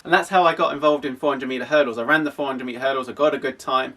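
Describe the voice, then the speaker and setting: A man's voice: mid-range voice, fairly even intonation, rapid-fire, hardly any pauses, pushed and bright, recorded from a distance. A young man from an athletics club, explaining casually with frequent restarts. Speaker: athletics club coach and host.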